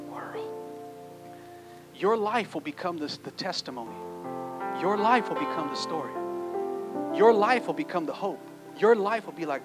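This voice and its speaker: Casting: high-pitched man, lively pastor preaching in church with music behind. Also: brisk. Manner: animated, playful, acts out quotes, urges the congregation. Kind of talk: sermon.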